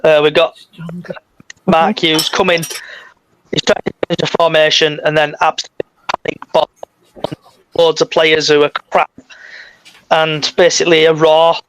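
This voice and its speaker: A man's voice: fairly high pitch, level tone, moderate pace, long pauses, fairly bright tone, poor audio. A man hosting a casual football fan podcast, steering the talk and swearing bluntly. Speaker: podcast host.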